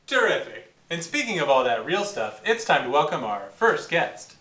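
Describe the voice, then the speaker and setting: A man's voice: on the high side, very animated, moderate pace, bright, forceful tone, roomy sound, far from the mic, slight background noise. A man hosting a comedic talk show, jokey and showman-like in a loose, earnest way. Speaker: host.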